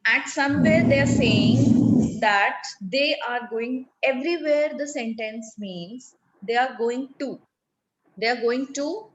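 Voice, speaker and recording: A woman with an Indian English accent teaches a French class over a video call. She explains patiently, one step at a time, in a fairly high voice. The audio is dull and lo-fi, with a faint hiss. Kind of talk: online classroom lesson.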